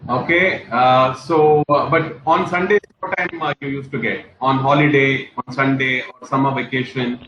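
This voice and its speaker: A man's voice: mid-range voice, steady tone, normal speed, hardly any pauses, echoey room, muffled recording, noisy background. A man leading a casual group chat, talkative, repeating himself and using many fillers. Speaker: English class host.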